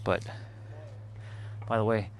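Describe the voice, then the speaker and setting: A man's voice: slow, a little hiss or hum. A man talking loosely in a casual vlog, meandering with many fillers, outdoors on a hot day. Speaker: spiritual vlogger.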